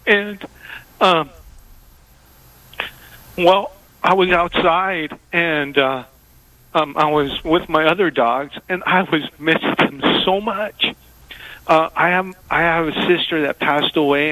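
A man calling in to a radio show by phone, telling a heartfelt story haltingly and with many hesitations. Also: a little high, pushed and bright, dry recording, low-quality recording. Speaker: caller. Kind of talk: call-in radio talk. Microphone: phone call.

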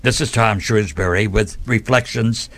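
A man hosting a radio program, reading a devotional story in a measured, reverent way. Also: lowish voice, creaky, a bit bright. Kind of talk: scripted devotional narration.

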